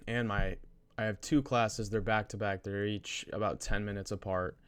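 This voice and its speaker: Low-voiced young man telling a story. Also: fairly even intonation, normal speed, smooth. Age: young adult. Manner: rambling, with many restarts and slang. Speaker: vlogger. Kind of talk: casual storytime.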